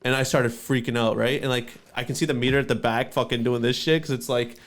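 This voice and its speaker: A young man from Canada tells a story on a podcast in a loose, rambling way. He swears freely and pads his sentences with fillers. His voice sits at an ordinary, middle pitch. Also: steady tone, fast. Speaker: podcast host. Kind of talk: casual storytelling.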